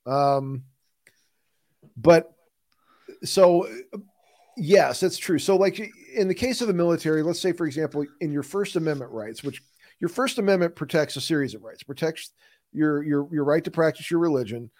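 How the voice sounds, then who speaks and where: A man's voice: on the high side, animated, moderate pace, a little mellow. A man with a Midwestern accent co-hosting a podcast, explaining things at length in a blunt, chatty way with some mild cursing. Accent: Midwestern American. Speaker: podcast co-host. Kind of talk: casual chat.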